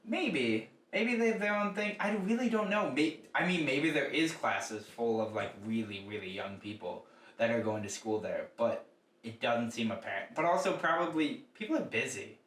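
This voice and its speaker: A young man in casual podcast chat, rambling along with plenty of "like"s. His voice sits at a middle pitch and is caught from a bit away from the mic. It carries the echo of a hard room. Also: animated, moderate pace, a bit bright, slight background noise. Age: young adult. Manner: rambling, filler-heavy talk with many "like"s. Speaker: podcast co-host. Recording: echoey room, mic at a distance.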